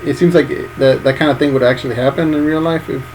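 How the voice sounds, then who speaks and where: A man with a mid-pitched voice speaks fast in a casual podcast chat, filling his thoughts with "like" as he goes. He sits back from the mic, with faint room hiss behind him. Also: fairly even intonation, darkish tone, distant mic, rough recording. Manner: quick, hedging with "like". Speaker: podcast co-host.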